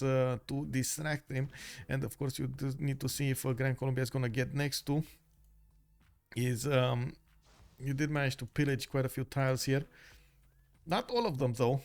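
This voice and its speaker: A man giving live commentary on a strategy video game match, talking through the action with frequent hesitations and filler sounds, recorded close on a streaming mic at home. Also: mid-range voice.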